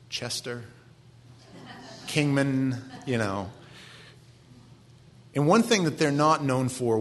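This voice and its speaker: Male pastor, 40s, Maine accent, easygoing conversational sermon, middle pitch. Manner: conversational, self-deprecating asides.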